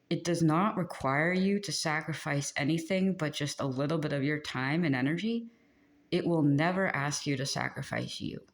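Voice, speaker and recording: Giggly, rambling channeled tarot reader. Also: mid-range voice. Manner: rambling, many "like" fillers, prone to giggling. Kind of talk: casual spoken spiritual reading.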